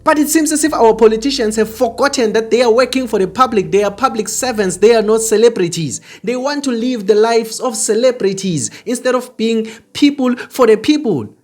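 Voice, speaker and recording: A man's voice: very high-pitched, brisk, hardly any pauses, faint music behind. A man hosting an opinionated commentary monologue, talking earnestly and repetitively straight to his viewers. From South Africa. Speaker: commentary channel host.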